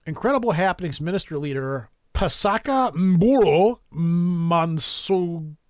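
A man's voice: on the high side, lively intonation, brisk, no echo, clean studio sound. Self-mocking man reading news on a podcast. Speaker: paranormal podcast host. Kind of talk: casual podcast chat, reading news articles aloud.

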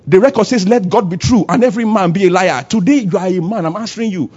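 A man preaching a sermon at a church service, acting out little dialogues and swinging between loud and soft. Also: sits high, fast, slightly rough, highs cut off. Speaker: pastor.

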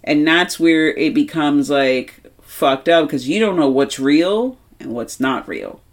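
Low-pitched and unhurried, this young woman's voice fronts a horror film podcast she co-hosts. She chats casually but animatedly, leaning hard on emphasis and swearing a lot.

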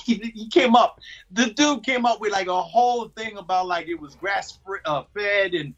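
This actor's voice sits high and moves at a normal speed, with the highs cut off in the recording. In a casual interview he spins animated stories from a shoot, laughing often along the way.

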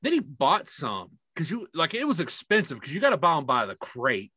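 A man co-hosting a podcast in casual, profane chat. He tells animated stories and acts out the voices in them. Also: on the high side, normal speed, no room sound, studio quality. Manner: profane, animated storytelling with big voiced quotes. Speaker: podcast co-host.

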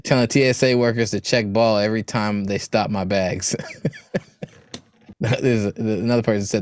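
A man's voice: lowish voice, fairly even intonation, moderate pace, no echo. A man co-hosting a podcast, bantering loosely with profanity and frequent laughter. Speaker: podcast co-host. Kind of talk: casual chat.

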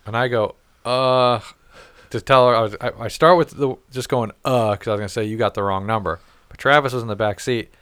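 Talking briskly in a medium-pitched, slightly bright voice that is smooth and resonant, a man rambles through a profane story in casual conversation and slips into other people's voices as he quotes them. The sound is close and dry, with no echo.

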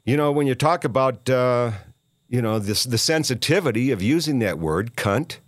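A man's voice: medium pitch, animated, dry recording, clean studio sound. Rambling, scornful man ranting. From Minneapolis, USA. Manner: halting, rambling, many filler sounds and restarts; scornful, combative. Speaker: podcast host. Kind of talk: solo rant monologue.

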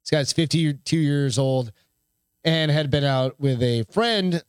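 A man's voice: on the high side, unhurried, clear, resonant tone, dry recording. A man co-hosting a podcast, reading a news story aloud in a loose, joking way. He swears freely and stumbles over the text now and then. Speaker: podcast co-host.

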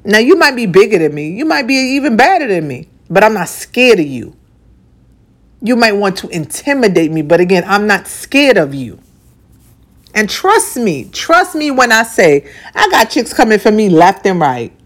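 Woman, 40s, radio personality; blunt and outspoken, swearing freely, punches her points with repetition, mid-pitched, with sudden soft asides. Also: very animated, moderate pace. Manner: swings between soft and punchy delivery. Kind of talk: candid personal monologue.

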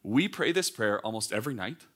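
A man in his thirties, a pastor, preaching a lively, conversational sermon at a church service with frequent fillers and restarts. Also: fairly low pitch, fairly quick, slightly rough. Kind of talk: sermon to young adults.

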